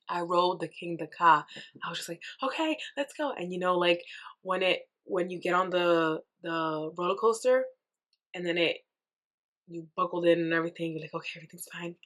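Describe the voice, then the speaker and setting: Young woman podcaster, bright voice, talking to you like a girlfriend, super animated, voice sits a bit low. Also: normal speed, long pauses. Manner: chatty, animated storytelling, acts out her own reactions; says "girl" and "like" often. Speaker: podcast host. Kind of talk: casual solo podcast talk.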